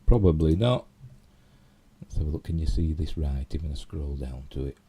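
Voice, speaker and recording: A middle-aged Yorkshire man hosting a casual live stream from a desk mic at home, his low, warm voice a touch hoarse. He rambles along with plenty of fillers and quick asides. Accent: Yorkshire English. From Yorkshire, England. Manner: rambling, chatty, with many fillers and self-asides. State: slightly hoarse. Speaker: channel host.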